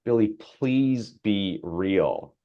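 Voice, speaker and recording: A man playing an excited, lovestruck elderly man who exclaims breathlessly. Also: fairly low pitch, extremely slow, phone-quality sound, full character voice. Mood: giddy.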